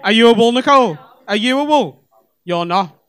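Cheeky high-voiced comic. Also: male voice, lively intonation, moderate pace, a bit bright, some chatter behind, slight background noise. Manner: cheeky, swearing banter with audience. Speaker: stand-up comedian. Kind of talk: crowd work. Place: comedy club stage. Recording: live comedy club with audience laughter.

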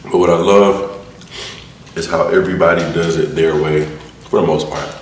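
A man chatting casually while he eats on camera, relaxed and mumbling between bites. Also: low-pitched, moderate pace. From Atlanta, US. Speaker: mukbang host. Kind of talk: casual eating vlog chat. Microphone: close mic for eating sounds. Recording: echoey room with faint noise. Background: eating and crunching sounds.

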